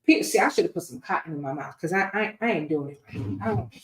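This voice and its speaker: A woman's voice: deep voice, lively intonation, fast. Woman talking back at her critics, preachy, swings her voice a lot, roomy echo. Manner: preachy, defiant, folksy. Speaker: interviewee. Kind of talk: casual interview talk. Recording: echoey room, far from mic.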